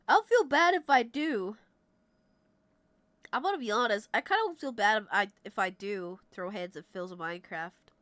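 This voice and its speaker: A woman's voice: medium pitch, animated, moderate pace, fairly bright tone, no room sound. A young adult woman livestreamer chatting casually with her viewers at a desk mic. She laughs often and swears freely. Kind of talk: casual chat with stream viewers.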